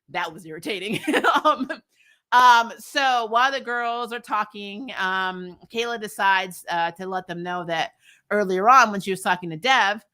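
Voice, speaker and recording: Woman, TV episode reviewer, casual recap, snarky, animated, bright tone. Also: a little high. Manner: animated and snarky, acts out characters' lines with laughs.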